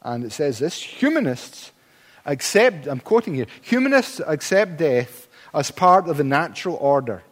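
A man's voice: a little high, very animated, moderate pace, in a large hall. Emphatic man preaching a sermon. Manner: emphatic, with dry humorous asides. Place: church.

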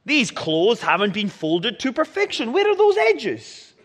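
A man voicing a nitpicking, fussy parent who scolds in exaggerated, shrill bursts. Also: wildly swooping pitch, a little slow, fairly bright tone, in a large hall, exaggerated voice. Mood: scolding.

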